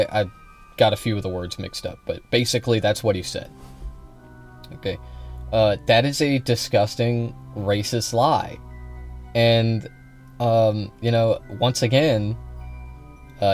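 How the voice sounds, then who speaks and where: A man's voice: medium pitch, a little mellow. A man giving heated, profane commentary on a live stream, often repeating himself and restarting sentences. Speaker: political streamer reacting to a clip.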